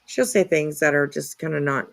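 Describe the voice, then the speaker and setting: A woman's voice: low-pitched, moderate pace, vocal fry. A woman hosting a casual livestream, chatting and reacting to comments in an apologetic, talkative way, with casual swearing. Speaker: livestream host.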